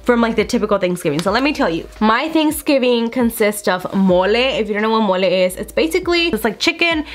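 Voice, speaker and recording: A young woman beauty vlogger chatting through a get-ready-with-me makeup video, telling a story in a lively, animated way with lots of "like" and "girl". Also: on the high side, a little fast, few pauses.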